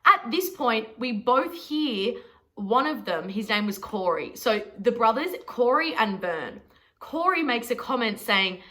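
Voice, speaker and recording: A woman's voice: fairly high pitch, big pitch swings, unhurried, sharp tone. A young Australian woman telling a story to camera in a chatty, sweary, self-mocking vlog. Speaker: vlogger.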